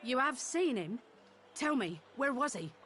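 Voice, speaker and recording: An urgent, high-pitched searcher. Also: female voice, big pitch swings, measured pace, a bit bright, full character voice. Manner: urgent, insistent questioning. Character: determined woman hunting for a missing inmate. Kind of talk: voiced video game dialogue.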